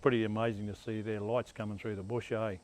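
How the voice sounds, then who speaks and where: An older man with an Australian accent, telling stories from his life in a relaxed, rambling way as an interviewee. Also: on the low side, quick pace, poor audio. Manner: rambling, laid-back yarn-spinning with laughs. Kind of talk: casual storytelling.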